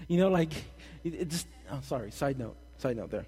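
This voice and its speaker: A young man preaching a casual, animated sermon with jokey asides, recorded in a church hall. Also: medium pitch, fast, breathy edge, faint music behind. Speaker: pastor. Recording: long hall reverb.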